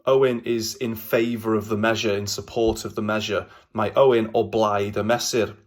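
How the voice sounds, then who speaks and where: A man with a Welsh accent teaching a language lesson in a relaxed, chatty way, often pausing with ums and uhs. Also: lowish voice. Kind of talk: casual explanatory language lesson.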